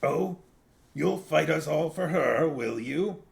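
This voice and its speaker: A man voicing a fanatical male poodle who leads a street dog gang, in a shrill, ranting manner. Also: animated, takes it slowly, gravelly, exaggerated voice. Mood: mocking.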